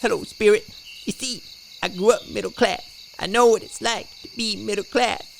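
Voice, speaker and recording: Rambling high-voiced woman politician as a man puts her on, gravelly edge, cartoon satire. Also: fairly even intonation, normal speed, a little hiss or hum. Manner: rambling, repeats herself. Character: ditzy female politician caricature, rambling.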